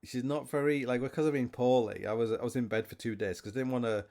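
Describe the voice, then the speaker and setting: A man's voice: mid-range voice, fairly even intonation, fast, darkish tone. A man hosting a podcast alone, rambling through stories with many restarts and self-mocking asides. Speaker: podcast host. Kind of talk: rambling solo chat.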